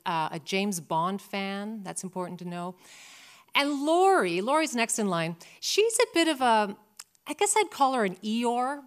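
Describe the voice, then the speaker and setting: A woman in her fifties from Canada, telling a personal story with animated, dramatic comic timing. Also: mid-range voice.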